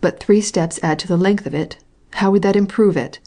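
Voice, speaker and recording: A woman's voice: mid-range voice, a little fast, mellow, close to an everyday voice. Curt landowner man, read by a woman. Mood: brisk. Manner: curt, commanding. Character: brisk, impatient male landowner.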